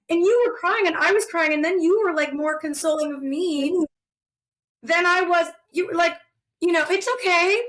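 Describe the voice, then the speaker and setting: A woman hosting a podcast in casual chat, animated and heartfelt, laughing often as she talks. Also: high voice. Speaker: podcast host.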